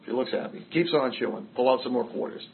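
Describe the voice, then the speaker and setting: A man's voice: medium pitch, fast, narrow, tinny audio, a little hiss or hum. Wry older man telling his story. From Massachusetts. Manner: wry storytelling, self-mocking humor. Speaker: recovery speaker. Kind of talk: personal recovery story told to a group.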